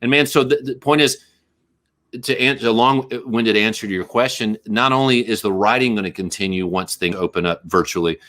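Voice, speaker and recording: A man's voice: lowish voice, a little fast, a bit bright. A man who is a musician guest, talking casually in a rambling, self-mocking way, full of fillers and asides. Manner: rambling, self-mocking, breaks into goofy voices. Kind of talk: casual podcast chat.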